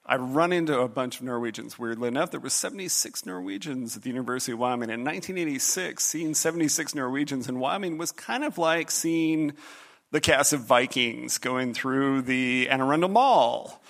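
A middle-aged man telling a comic personal story, animated, jumping into other voices and pitches as he goes. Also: brisk.

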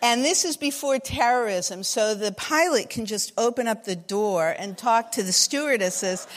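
A woman with a fairly high voice tells a comic story live to an audience, wry and full of vivid detail. She slows down to savor key details. The sound carries a long hall reverb.

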